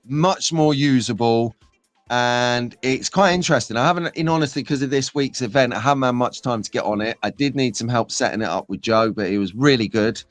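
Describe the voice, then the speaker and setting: A man's voice: mid-range voice, fairly quick, no room sound, faint music behind. A man hosting a casual live stream, bantering and laughing as he chats with viewers. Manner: jokey, bantering, laughs often.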